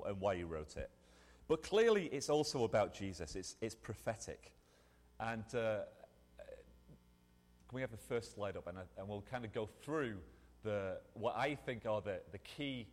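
Male preacher, lively conversational sermon, mid pitch, long hall reverb. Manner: animated, conversational, with restarts.

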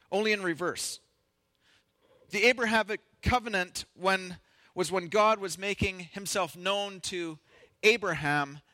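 A pastor preaching a sermon, reading scripture in an earnest, measured way with touches of light humor. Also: male voice, sits high, bright, forceful tone, no room sound.

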